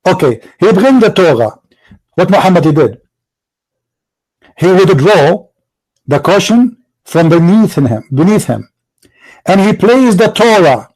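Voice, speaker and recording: A man's voice: high-pitched, big pitch swings, unhurried, long pauses, a little mellow, poor audio. A man hosting a heated religious debate, taunting with repeated rhetorical questions. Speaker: debate show host.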